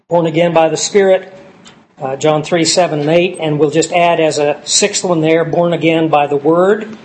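A man preaching a sermon, slowing down to stress key words as he lists scripture passages. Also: high voice, rough recording. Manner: slow and emphatic on key words, citing scripture verses.

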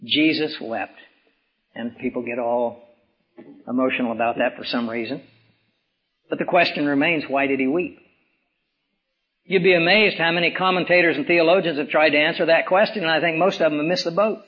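A man preaching a sermon as pastor, hoarse from swollen tonsils, with emphatic rises and slow, dramatic drops. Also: fairly high pitch, fairly even intonation. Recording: dull lo-fi recording.

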